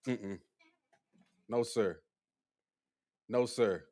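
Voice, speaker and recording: A man's voice: on the low side, extremely slow. Young man chatting with his stream. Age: young adult. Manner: animated, teasing, talks back to chat. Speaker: streamer reacting to chat. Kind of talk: casual live-stream chat.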